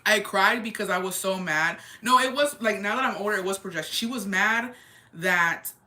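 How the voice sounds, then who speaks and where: A young woman casually and candidly retelling a family story, animated, with lots of "like" and quoted dialogue. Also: fairly low pitch. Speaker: storyteller on a chat show. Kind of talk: casual chat.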